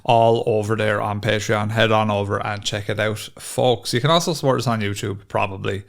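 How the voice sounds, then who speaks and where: A young man with a gravelly, creaky edge to a fairly low voice, co-hosting a podcast. He talks in a relaxed, conversational way and wanders into drawn-out asides. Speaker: podcast co-host. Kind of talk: casual podcast chat.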